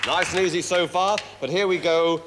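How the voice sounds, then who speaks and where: A man hosting a children's game show, jokey and brisk, in a television studio with long reverb. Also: high voice, over a noisy crowd, very noisy. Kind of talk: lively game show presenting.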